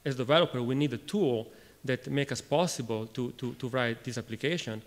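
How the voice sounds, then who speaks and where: A man from Italy with an Italian accent gives a technical conference talk in a halting way, restarting phrases and questioning the audience. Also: mid-range voice. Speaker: conference speaker. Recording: reverberant lecture hall.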